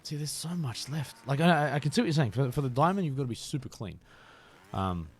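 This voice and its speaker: A man's voice: mid-range voice, animated, fast talker, a little hiss or hum. A man, chatting casually on a live stream while he plays, often laughing and repeating words.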